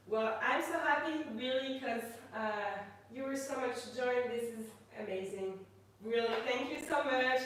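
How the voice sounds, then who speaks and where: A woman with a French accent guides a live yoga class, her voice a little high. She speaks calmly with slow cues and sounds set back from the mic. A hard echo fills the room, with faint noise behind. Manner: calm slow cueing, then chatty and thankful. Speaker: yoga instructor. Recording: echoey room, mic at a distance.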